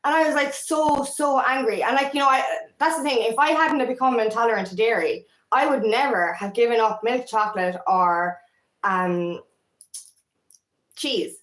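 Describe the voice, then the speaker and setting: A woman's voice: a little high, normal speed, a bit bright. Candid Irish woman in an echoey room. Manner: candid, swears freely, rambling. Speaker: feminine empowerment coach. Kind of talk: casual vlog monologue.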